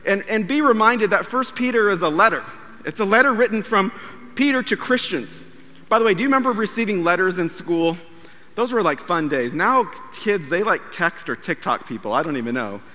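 A man in his thirties, a pastor, preaching a sermon and telling a story, acting out quoted dialogue with animated delivery. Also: high voice, brisk, in a large hall. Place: church sanctuary.

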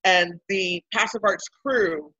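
In a casual interview, a Baltimore woman slowly and animatedly tells a story, voicing what others said in her own performance of it. Her voice runs low, and the sound is lo-fi.

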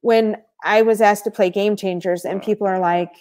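A woman as a podcast guest, telling stories in a casual, animated way with frequent laughter. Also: mid-range voice, moderate pace. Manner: animated, laughs often mid-story, many fillers. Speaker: podcast guest, former reality show contestant. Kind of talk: casual storytelling chat.

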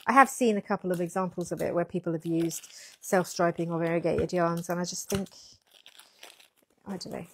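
Brisk and fairly even in intonation, this lowish female voice belongs to a yarn shop owner hosting a casual packing livestream, where she talks with viewers and reads their comments. A pinned lapel mic picks her up, with slight background noise.

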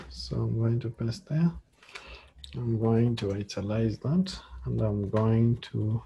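A man teaching a screen-share coding tutorial as a lecturer, talking slowly and haltingly with many fillers. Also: medium pitch, creaky, warm tone, slight background noise.

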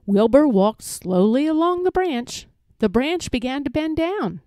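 Brief: a woman narrating a picture book, slow and expressive, dry close sound. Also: high voice, dry recording. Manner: expressive, gentle storytelling. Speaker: storybook reader. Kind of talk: children's picture book read-aloud.

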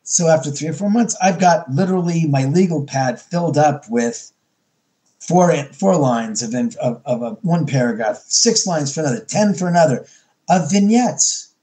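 Animated man telling a story, mellow voice. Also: a little high, moderate pace. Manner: animated, acts out his own quotes with many restarts. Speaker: podcast guest. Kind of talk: storytelling interview.

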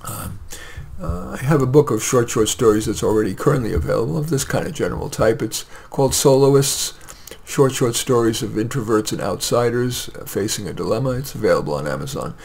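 A man's voice: mid-range voice, creaky, darkish tone, slightly rough. Man reading his own short story. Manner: plain, measured storytelling with light hesitations.

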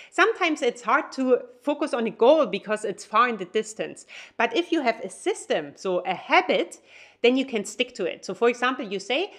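An encouraging German woman gives an online language lesson in English with a clear German accent. Her voice sits a little high, and she slows down to lay out each example phrase. The tone stays upbeat and friendly throughout. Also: a bit bright. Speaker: German teacher.

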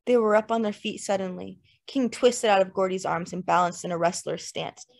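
A woman narrating a literary novel in the first person, measured and lyrical. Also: mid-range voice, gravelly, darkish tone. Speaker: audiobook narrator. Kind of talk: literary fiction reading.

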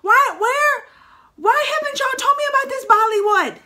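A woman hosting a trailer reaction video, loud and exclaiming, talking straight to her viewers. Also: very high-pitched, expressive, normal speed.

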